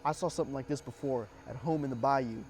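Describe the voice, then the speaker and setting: A man voicing a frightened male soldier with a Cajun accent, hushed and tense, breaking into urgent warnings. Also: medium pitch, fast talker, slight background noise, close to an everyday voice. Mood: grim.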